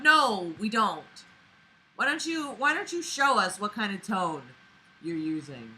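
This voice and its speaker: Woman, slow unhurried delivery, sarcastic, swears a lot, reads a novel aloud and rants about it. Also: mid-range voice, very animated, pushed and bright, low-quality recording. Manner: sarcastic, profane, exasperated. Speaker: book reader and commentator. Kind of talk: reading a novel aloud with mocking commentary.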